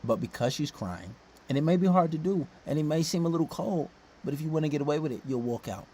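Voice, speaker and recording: A man giving casual reaction commentary, blunt and profane, swinging from low mutters to loud outbursts. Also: animated, quick pace, breathy edge.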